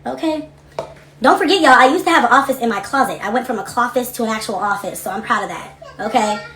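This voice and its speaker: A young woman chats on a livestream from her home office, blunt and profane, her voice sitting a little high. The room sounds echoey, with a faint hiss of noise underneath. She reads comments aloud and answers them in a lively, cussing way. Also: quick pace. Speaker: livestream host. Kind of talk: casual livestream chat reading comments.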